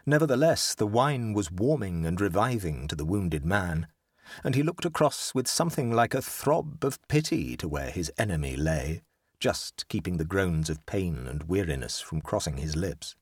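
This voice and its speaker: A man reads a story aloud in a measured, low voice, letting his pitch rise and fall a great deal. The sound is dry and close to the mic. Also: very animated, slightly rough, no echo. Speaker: narrator. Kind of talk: scripted narration.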